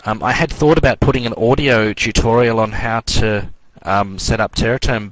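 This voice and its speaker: A man teaching an online networking class in a relaxed, rambling way with many fillers. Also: lowish voice, poor audio. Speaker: networking course instructor.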